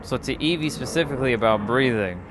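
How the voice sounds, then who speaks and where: A man hosting a casual spiritual livestream, talking in a calm, unhurried way that turns loose and profane at times. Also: medium pitch, noisy background. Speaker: livestream host.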